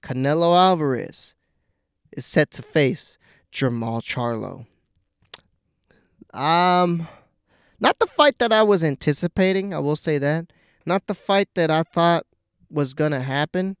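Profane, rambling young man, crisp and dry. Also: a little high, expressive, a little slow, pauses often, dry recording. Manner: profane, rambling, laughs at his own jokes. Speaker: podcast host. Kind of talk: casual storytelling monologue.

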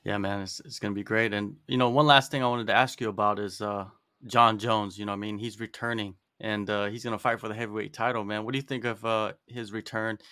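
A man's voice: on the low side, steady tone, fast, bright, forceful tone, clean tone, dry recording, clean studio sound. A man interviewing a fighter, asking questions in a laid-back way with lots of casual fillers. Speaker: sports interviewer.

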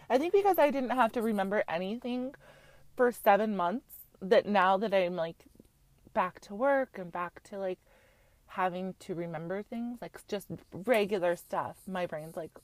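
A woman's voice: medium pitch, lively intonation, measured pace, darkish tone, no room sound. A young woman from Utah, chatting frankly and casually as a podcast host, with lots of fillers and blunt swearing. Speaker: podcast host recapping a reality show. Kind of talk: casual chat.

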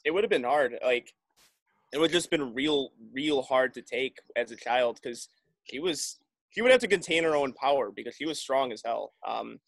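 A man's voice: medium pitch, expressive, normal speed, vocal fry, no echo. A man talking in a loose, rambling way as a podcast guest, often restarting his sentences. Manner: rambling, restarts with many likes. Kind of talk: casual chat.

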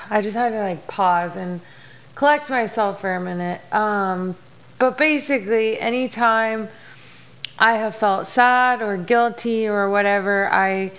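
A woman's voice: mid-range voice, a little slow, a bit bright, clear, resonant tone. A young adult woman hosting a podcast, talking frankly and emotionally about her week, swearing freely and with many fillers. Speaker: podcast host. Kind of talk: candid personal monologue.

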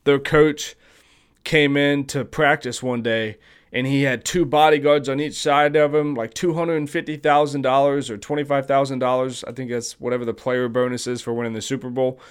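A man's voice: mid-range voice, steady tone, moderate pace, clean tone. A man hosting a podcast, talking casually and profanely about sports with strong opinions. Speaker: podcast host.

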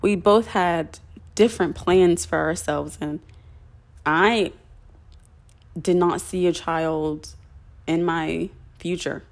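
A young woman talks straight to her listeners, recounting her own story. Her voice sits a little low for a woman. She rambles warmly, full of fillers and false starts. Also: steady tone, slow, vocal fry, pauses often. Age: young adult. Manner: chatty, many fillers and restarts. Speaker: podcast host.

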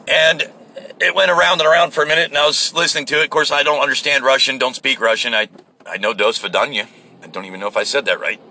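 A man's voice: mid-range voice, vocal fry, bright, forceful tone, a little hiss or hum. A man rambling and swearing with lots of fillers in a casual talk from inside a moving car. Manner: rambling, profane, frequent fillers. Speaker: vlogger. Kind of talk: casual driving rant.

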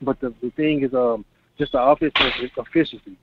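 A man's voice: medium pitch, fairly even intonation, brisk. Fervent male caller on a tinny line. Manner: fervent, rambling, many "like"s. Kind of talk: casual phone call-in. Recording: tinny phone line with faint hiss.

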